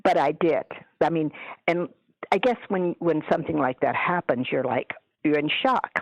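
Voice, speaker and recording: A woman telling stories as a guest in a radio interview, chatty and animated, acting out what people said. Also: sits low, moderate pace, dry recording. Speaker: guest, paranormal author. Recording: dull lo-fi radio audio.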